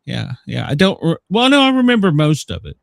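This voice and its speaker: A man chats and jokes through a casual livestream show, his pitch swinging lively up and down. The sound is dry and close, with no room around it. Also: normal speed, vocal fry, no room sound. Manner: joking, rambling, self-mocking. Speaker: co-host of a daily news talk show.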